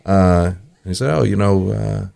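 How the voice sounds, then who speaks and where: A low-voiced man, a restaurant owner who is a guest on an interview. He relaxes into long anecdotes, acts out the quoted dialogue and chuckles as he goes. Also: moderate pace, vocal fry, mellow. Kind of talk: casual storytelling in an interview.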